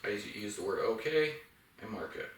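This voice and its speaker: A man's voice: fairly low pitch, expressive, moderate pace, slight background noise. A man working as a dog trainer, giving step-by-step instructions while he demonstrates with a dog indoors. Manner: explains step by step, bright praise to the dog. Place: indoors in a home. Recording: roomy, from a distance.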